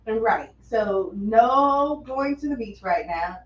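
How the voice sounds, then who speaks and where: A woman co-hosting a casual morning livestream, chatty and quick to complain and laugh. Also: fairly high pitch, lively intonation, recorded from a distance. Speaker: morning show co-host. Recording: dull, roomy, off-mic, faint noise.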